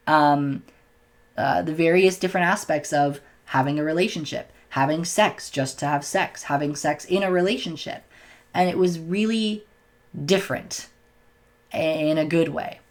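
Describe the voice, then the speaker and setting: A young man telling a personal story to the camera in a casual, candid way, self-conscious and sometimes stumbling over his words. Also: on the high side. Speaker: vlogger.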